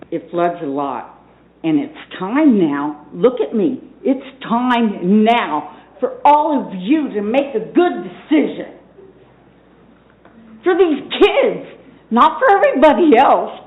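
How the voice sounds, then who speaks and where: An older woman speaking at a council public comment, emphatic and pressing with rhetorical questions. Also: fairly low pitch. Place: city council chambers. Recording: tinny, echoey council chamber feed.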